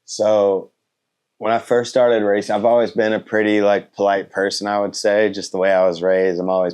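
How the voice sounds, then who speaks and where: A thirty-year-old man with a very low voice talks easily in an interview. He is polite and laid-back, filling his answers with "um" and "uh" and letting sentences trail off. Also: normal speed, smooth. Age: 30s. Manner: relaxed, polite, lots of fillers and trailing off. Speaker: motorcycle racer and content creator.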